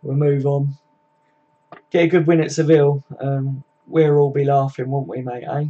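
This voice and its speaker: A young man from Britain reads live chat comments on a casual home stream, with a desk and sofa in the room. Laddish and foul-mouthed, he tags sentences with "mate" and "innit." His medium-pitched delivery is flat at normal speed, with the highs cut off.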